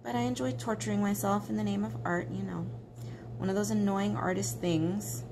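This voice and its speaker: A woman's voice: mid-range voice, steady tone, normal speed, background noise. A woman artist vlogging while she colors, chatting casually and joking at her own expense. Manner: chatty, self-mocking, dramatic outbursts.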